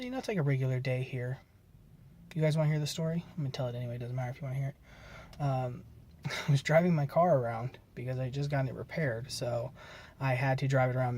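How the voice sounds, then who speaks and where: A man's voice: medium pitch, a little mellow. A man vlogging, telling a story in a rambling, conversational way and often correcting himself. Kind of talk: casual storytelling to camera.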